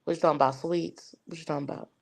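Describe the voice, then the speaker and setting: A woman's voice: sits low, steady tone, rapid-fire, gravelly. A woman co-hosting a casual panel discussion, pushing back in a playful, teasing way. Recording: crowd noise behind. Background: crowd.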